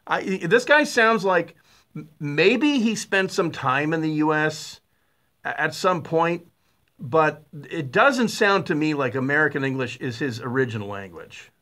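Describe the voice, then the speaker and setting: A middle-aged man hosts a talk radio show. His voice sits a bit high for a man and sounds bright and forceful. He talks in a blunt, sarcastic monologue, animated, with lots of uh's and restarts. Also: measured pace.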